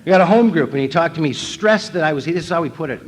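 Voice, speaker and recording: A man's voice: on the high side, animated, fast talker, slight background noise. A man from North Dakota telling his recovery story at a convention, wry and self-mocking, acting out his own past thoughts. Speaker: recovery meeting speaker. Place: convention hall.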